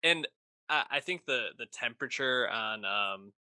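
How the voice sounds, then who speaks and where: A man's voice: mid-range voice, lively intonation, measured pace, sharp tone, smooth, no echo. A man co-hosting a podcast, talking about a film with enthusiasm and casual swearing. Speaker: podcast co-host. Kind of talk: casual film review chat.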